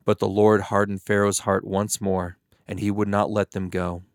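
Male Bible reader; measured, steady scripted delivery, low pitch, dry studio sound. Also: dry recording.

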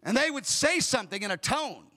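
A man's voice: very high voice, big pitch swings, a little fast, pushed and bright. A man preaching a sermon as a pastor, emphatic, acting out dialogue as he tells stories. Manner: emphatic, acts out dialogue in storytelling.

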